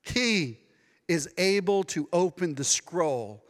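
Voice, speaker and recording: A man preaching a sermon as pastor, dramatic and expressive, now and then acting out the voices of people he quotes. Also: sits high, takes it slowly, in a large hall. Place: church sanctuary.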